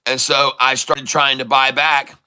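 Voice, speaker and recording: A man hosting a casual live day-trading stream, hoarse from losing his voice, teasing and greeting his viewers with frequent chuckles. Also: medium pitch, flat delivery, a little slow, sharp tone, low-quality recording. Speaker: day-trading livestream host.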